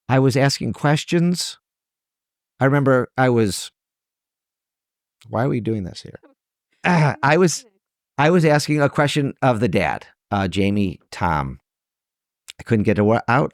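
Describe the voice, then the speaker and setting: A man's voice: mid-range voice, expressive, measured pace, gravelly, long pauses, no room sound, clean studio sound. A middle-aged man, a trial lawyer, talking earnestly and emotionally as a podcast guest, often restarting his sentences. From Michigan, USA. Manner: earnest, emotional, many restarts and self-corrections. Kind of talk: conversational interview.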